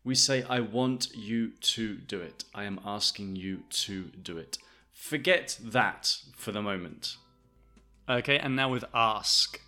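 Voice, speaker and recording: Man, language teacher, bright clear tone, careful explanations, repeats examples. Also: fairly low pitch, faint music behind. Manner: slow, deliberate, repeats example sentences. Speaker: English teacher.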